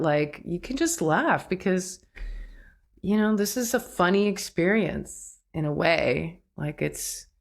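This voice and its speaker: A woman hosting a solo podcast, talking reflectively, laughing at herself and acting out quoted thoughts. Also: sits low. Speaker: podcast host.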